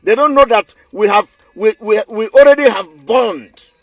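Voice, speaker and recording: A man's voice: sits high, moderate pace, dry recording. A man with a Nigerian accent giving an emphatic, defiant online commentary, repeating his points for force. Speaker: political commentator.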